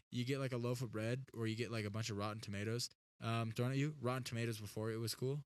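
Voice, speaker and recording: A man's voice: medium pitch, fairly even intonation, quick pace, dry recording. A young man hosting a podcast in casual chat, rambling and self-deprecating. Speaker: podcast host.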